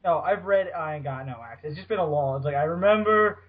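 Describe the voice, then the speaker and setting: A man's voice: fairly high pitch, fast. A man hosting a casual podcast, rambling and laughing often as he talks. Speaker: podcast host. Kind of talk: casual chat. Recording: dull lo-fi podcast audio.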